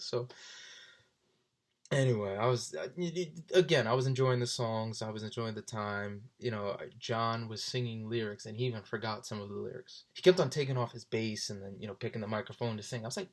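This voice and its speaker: A young man in his twenties, casually telling stories, often jumping into high voices for people he quotes. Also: normal speed. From South Jersey. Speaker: vlogger. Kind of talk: casual storytelling.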